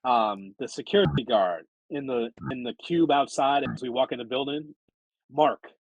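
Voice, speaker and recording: A man's voice: medium pitch, normal speed, dry recording, muffled recording. A man co-hosting a sports podcast, ranting animatedly and acting out mock quotes. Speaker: sports radio co-host. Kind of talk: casual sports podcast banter.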